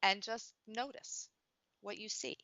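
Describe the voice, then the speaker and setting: A woman's voice: mid-range voice, steady tone, takes it slowly, bright, forceful tone, no echo. A woman parenting coach answering interview questions in an earnest, talkative way, with many fillers and restarts. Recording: dull lo-fi audio.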